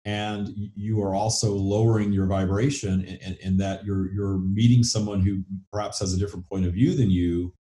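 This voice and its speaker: A man's voice: lowish voice, steady tone, moderate pace, hardly any pauses, mellow. Echoey-voiced Southern US man hosting. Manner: rambling, repeats words while thinking aloud. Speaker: podcast host. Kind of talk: casual spiritual podcast chat.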